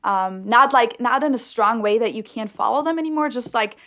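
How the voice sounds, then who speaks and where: A woman's voice: on the high side, lively intonation, a little fast, sharp tone. A woman whose first language is German, co-hosting a podcast in English and searching for words in casual chat. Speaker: podcast co-host.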